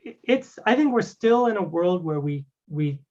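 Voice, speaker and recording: A man walking through a live technical demo as a guest presenter, talking casually and filling pauses with "you know" and "right". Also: high voice, lively intonation, mellow. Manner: conversational, many fillers like "you know" and "right". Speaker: guest presenter demoing a cloud product. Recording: dull lo-fi stream audio.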